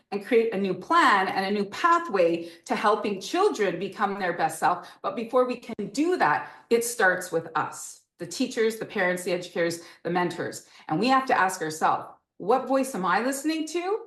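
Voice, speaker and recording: A woman author and educator talking in an interview, animated and encouraging, often asking rhetorical questions. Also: mid-range voice, roomy sound. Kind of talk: enthusiastic teaching talk in an interview.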